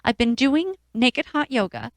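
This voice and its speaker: A woman's voice: a little high, lively intonation, unhurried, no echo. A woman playing an emotional, melodramatic pregnant wife in court for an improv comedy sketch. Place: radio studio.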